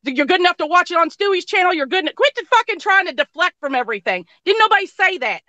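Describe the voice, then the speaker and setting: A woman with a high, sharp voice rants in an angry, profane stream during a casual chat. Her voice is recorded close and dry, with no room sound. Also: sing-song, quick pace, no room sound.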